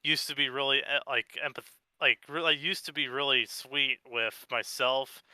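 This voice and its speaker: A man rambling through a casual chat, stopping and restarting often. His voice is very bright and crisp, recorded dry and close. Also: medium pitch, steady tone, dry recording. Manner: rambling, halting, full of fillers.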